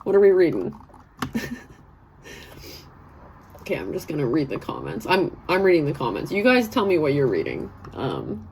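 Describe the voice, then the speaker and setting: Woman in her thirties, live stream host, casual rambling chat, lowish voice, faint background noise. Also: wildly swooping pitch, moderate pace, creaky, long pauses, a little mellow. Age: 30s. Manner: chatty, rambling, laughs often, reads comments aloud.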